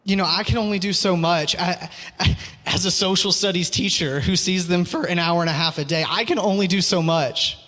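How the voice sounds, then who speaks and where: A man's voice: on the high side, fairly bright tone. A man preaching a sermon, earnest and pleading, repeating his phrases; he also teaches school. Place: church hall. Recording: long hall reverb.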